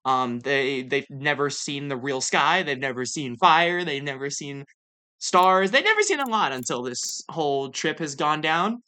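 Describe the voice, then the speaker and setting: Excitable young woman streaming a game. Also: low voice. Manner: excitable, gushing, with fast repeated restarts. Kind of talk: casual let's-play commentary.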